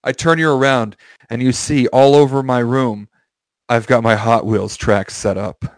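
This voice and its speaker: A man's voice: mid-range voice, fairly even intonation, normal speed, dry recording. Playful young man spinning a silly story. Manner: rambling, playful, laughs often, repeats and restarts. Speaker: podcast co-host telling a story. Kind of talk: casual comedic chat, improvised storytelling.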